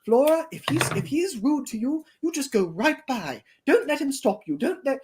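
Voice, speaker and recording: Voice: sits high, very animated, moderate pace, noisy background, pitched above the performer's own voice. A livestreamer voicing a caring but bossy female vehicle who coaches a friend. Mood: urging. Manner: urgent, coaching.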